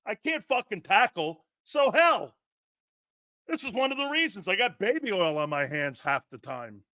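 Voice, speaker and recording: High, bright-voiced mocking sports talker. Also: male voice, big pitch swings, moderate pace, dry recording, studio quality. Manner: crude, sarcastic, mimics others in jeering voices; laughs often, jumps between loud outbursts and low mutters. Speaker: sports commentator.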